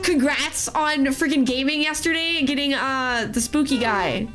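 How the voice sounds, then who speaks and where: A woman with a hoarse voice after an illness, hosting a casual live art class and greeting chat in a sing-song way. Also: high voice, normal speed, hardly any pauses. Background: soft music.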